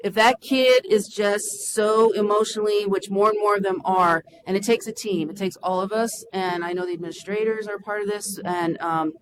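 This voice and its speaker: A woman's voice: medium pitch, fairly even intonation, normal speed, hardly any pauses, rough recording. A woman in her forties, a school counselor, speaking passionately and emotionally at a public meeting. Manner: impassioned and emotional.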